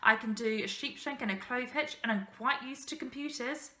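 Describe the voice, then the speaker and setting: A woman's voice: a little high, moderate pace, pushed and bright, roomy sound. A woman voicing an eager, clever young boy who politely rattles off everything he can do. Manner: polite, rattling off his skills.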